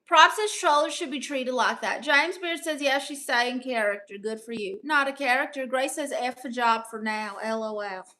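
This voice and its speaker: A woman's voice: high voice, normal speed, few pauses, pushed and bright. A young woman live-streaming, reading viewer comments aloud and firing back sassy, brash comebacks.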